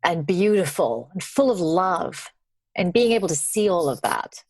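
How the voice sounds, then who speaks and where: Lower-pitched woman telling travel stories. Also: a little slow, dry recording. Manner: animated, laughs while telling stories. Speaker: podcast guest. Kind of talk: storytelling in casual conversation.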